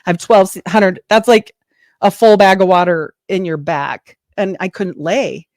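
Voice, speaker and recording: Speaking a little slowly in a lowish voice, a forties-aged nurse who podcasts chats casually, spinning lively stories and performing other people's lines. The audio is studio quality with no echo.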